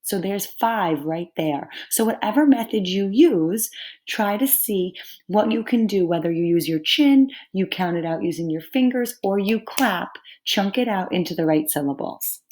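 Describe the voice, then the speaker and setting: A woman teaching a recorded lesson to third graders, patient and clear, sounding out words carefully. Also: medium pitch, animated, moderate pace, darkish tone, slight background noise.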